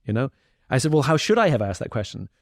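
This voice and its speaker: A man talking as a podcast guest, candid and self-reflective, sometimes acting out the voices of the people he quotes. His pitch sits in the middle range for a man. The sound is dry and close, with no room echo. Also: big pitch swings, fast. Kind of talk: reflective conversational talk.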